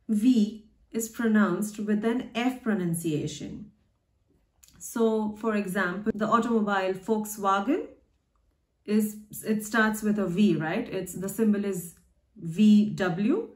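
A woman who hosts her own channel teaches letter pronunciation slowly and carefully, patiently explaining with everyday examples. Her mid-range voice is a little mellow, and the room is echoey.

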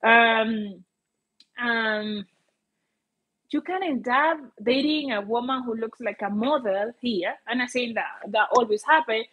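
High-voiced, husky Colombian woman vlogger. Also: slow, fairly bright tone. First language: Spanish. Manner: chatty, searching for words, many fillers. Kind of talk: casual livestream chat.

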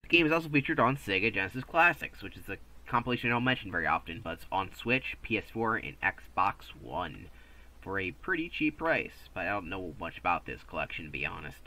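A man's voice: sits low, sing-song, fairly quick, sharp tone, poor audio. A man narrating a casual video game review, chatty and offhand, with restarts and asides.

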